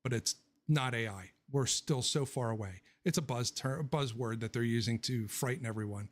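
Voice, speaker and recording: A man with a medium-pitched voice hosts a casual livestream Q&A at normal speed, answering viewer questions. He rambles and jokes, gives his opinions bluntly, and laughs often.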